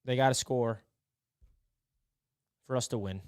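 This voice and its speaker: A man's voice: mid-range voice, a little slow, clear, resonant tone, no echo, clean studio sound. A young man hosting a casual live sports stream, rambling and mock-despairing, repeating himself.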